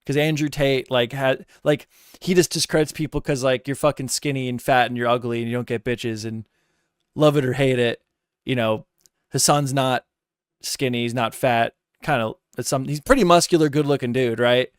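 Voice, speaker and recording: A man's voice: medium pitch, steady tone, moderate pace, clean tone, dry recording, clean studio sound. Blunt, profane young man ranting. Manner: blunt, profane, rambling and opinionated. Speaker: streamer reacting to a podcast clip. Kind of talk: casual reaction commentary.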